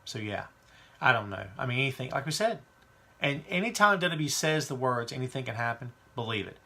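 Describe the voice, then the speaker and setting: A man's voice: medium pitch, animated, fairly quick, bright, forceful tone. A man hosting a wrestling podcast, talking casually and giving strong opinions while reading viewer questions. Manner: chatty, opinionated, reads live chat questions. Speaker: podcast host.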